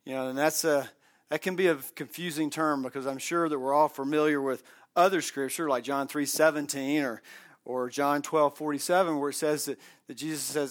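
A man's voice: fairly high pitch, normal speed. A man teaching a Bible class, reading scripture aloud and breaking in with casual explanations. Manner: conversational, reads scripture aloud with asides.

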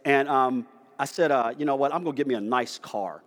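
Speaking at a fairly quick clip in a mid-range voice, this American pastor animates his sermon by performing the dialogue in his story. The church sanctuary lends his delivery a long, hall-like reverb.

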